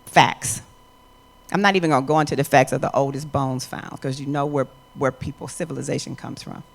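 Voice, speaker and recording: A woman's voice: extremely low pitch, fairly even intonation, fairly quick, gravelly. Emphatic middle-aged woman giving a motivational talk. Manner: emphatic and conversational, rising from soft asides to loud declarations. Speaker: motivational speaker.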